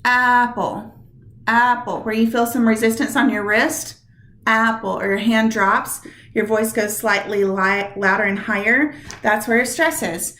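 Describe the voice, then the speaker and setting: A woman's voice: on the high side, fairly bright tone. Woman, teacher, video lesson, chatty, talks straight to students, computer mic, echoey room. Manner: chatty, direct address to students, drawn-out examples. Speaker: high school English teacher.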